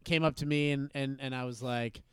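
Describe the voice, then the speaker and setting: A man's voice: mid-range voice, fairly quick, smooth, no echo, clean studio sound. A man hosting a podcast, telling a story in casual chat with lots of fillers and restarts. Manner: animated anecdote-telling with many fillers and restarts. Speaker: podcast host.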